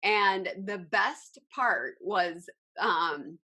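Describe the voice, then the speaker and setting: A woman co-hosting a podcast in casual chat, talking haltingly with many ums. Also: medium pitch, lively intonation, sharp tone, husky. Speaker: podcast co-host.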